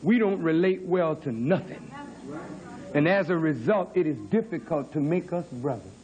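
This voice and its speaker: A man's voice: fairly high pitch, moderate pace, a little mellow. A man in his fifties preaching a sermon in a church hall, dramatic, with mocking sing-song asides. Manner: dramatic preaching, mock-crooning quoted lovers. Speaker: minister.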